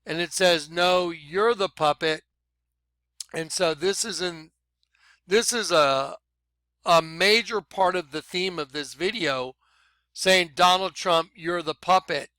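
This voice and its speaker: A man vlogging excited commentary over videos he plays, talking emphatically and apologizing for rushing ahead. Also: sits high, no room sound. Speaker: video blogger.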